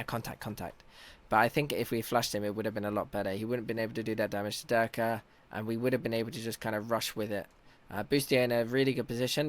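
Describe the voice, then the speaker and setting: A young man, a team captain, giving chatty, analytical commentary over match footage and teasing himself now and then. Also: mid-range voice. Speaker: team captain and in-game leader.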